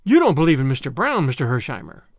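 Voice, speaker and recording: A man voicing a grave older male lawyer who speaks in a measured, dry way with clipped questions. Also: fairly high pitch, huge pitch swings, no echo, exaggerated voice.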